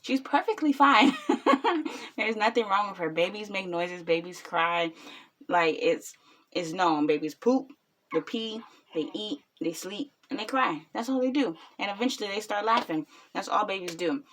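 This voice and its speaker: Blunt rambling young woman, lowish voice. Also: normal speed. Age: 20s. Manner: blunt, rambling, frequent ums. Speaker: vlogger and new mother. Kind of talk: casual reaction vlog talk.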